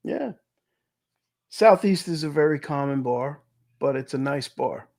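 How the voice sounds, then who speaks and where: A man's voice: fairly high pitch, expressive, a little slow, gravelly, darkish tone. A man co-hosting a livestream in a casual, joking chat, laughing often. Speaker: co-host of a precious metals livestream.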